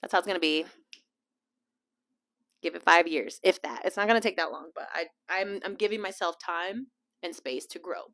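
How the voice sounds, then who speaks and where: A young woman hosting her own podcast, chatting casually about a trip, animated and laughing, acting out other people's lines. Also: lowish voice, moderate pace, pauses often. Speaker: podcast host. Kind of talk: casual storytelling chat.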